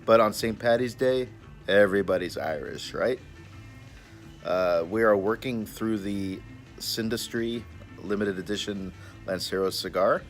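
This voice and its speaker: A laid-back man with a very deep voice chats his way through a cigar review. He is casual and friendly and keeps referring to himself in the third person. He is recorded outdoors in a backyard, with faint music in the background. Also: measured pace. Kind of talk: casual vlog talk.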